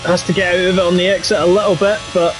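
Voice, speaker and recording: A man's voice: high voice, little pitch movement, quick pace, background noise. A man with a Yorkshire accent commentating a racing game live, chatty and jokey. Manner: chatty and jokey, drifting into banter. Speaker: league race commentator.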